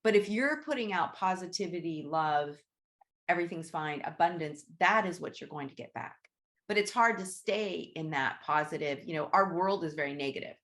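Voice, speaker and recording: A woman's voice: on the low side, moderate pace, a bit bright. A woman hosting a casual group teaching session over a video call, talking conversationally and often checking in with "right?". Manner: conversational, repeats "right?", acts out inner thoughts. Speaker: Reiki teacher, host.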